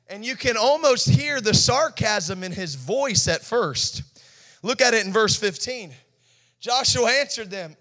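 A pastor preaching with fire, his voice very high and bright. He swings from quiet, confiding asides to shouted, sing-song peaks. He acts out the people he quotes, stammering and laughing. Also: lively intonation, a little slow. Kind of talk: sermon.

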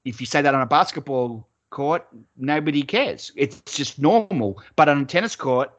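A man's voice: fairly high pitch, normal speed. A man co-hosting a casual sports chat podcast, rambling, swearing freely and laughing often. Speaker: podcast co-host.

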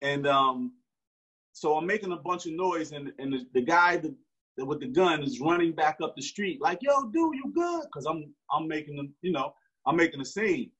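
A man's voice: a little high, normal speed, a bit bright, husky. A man, telling a story in slangy street talk with frequent restarts. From Newark, New Jersey. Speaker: interview guest. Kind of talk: casual storytelling. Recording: dull lo-fi recording.

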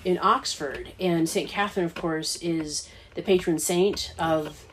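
A woman with a Midwestern American accent whose voice sits a little low for a woman. She explains things earnestly in a relaxed conversational way, dotting her speech with ums and uhs. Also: a little slow, a crowd in the background. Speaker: college co-founder. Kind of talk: casual conversation.

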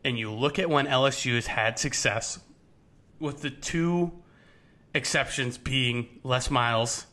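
A man's voice: medium pitch, sharp tone. A young man co-hosting a sports podcast, chatting casually and rambling with many restarts. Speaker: podcast co-host.

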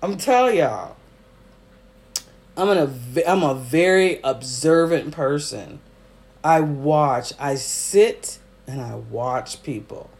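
Solo podcast host, male, teary and effusive, unhurried delivery, slightly high pitch. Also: animated. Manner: emotional and effusive, with frequent fillers. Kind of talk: casual solo podcast monologue.

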